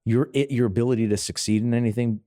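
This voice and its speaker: A man hosting a podcast, asking long, reflective questions in a steady conversational way. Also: medium pitch, quick pace. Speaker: podcast host. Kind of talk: conversational interview.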